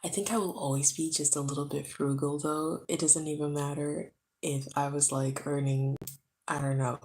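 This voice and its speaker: A tired woman vlogging from home, chatting to the camera in a hushed, low voice so she does not wake a sleeping baby. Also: steady tone, moderate pace, low-quality recording. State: tired from being awake too long. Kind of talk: casual chat to camera. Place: home, indoors. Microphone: camera close up.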